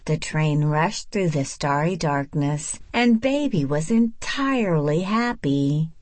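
A woman reading a storybook aloud in a measured, expressive narration. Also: deep voice, dry recording. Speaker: audiobook narrator.

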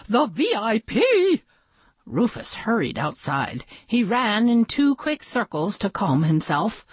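Brief: female narrator, gentle storybook read, slow and low-pitched. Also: husky, no echo. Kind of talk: reading a children's picture book aloud.

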